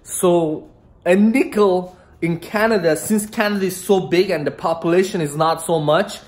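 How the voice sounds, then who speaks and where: A man's voice: sits high, normal speed, a little mellow. A young man from Iran, talking to camera in a loose, rambling vlog and often laughing. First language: Farsi. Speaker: vlogger. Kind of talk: casual rambling monologue to camera.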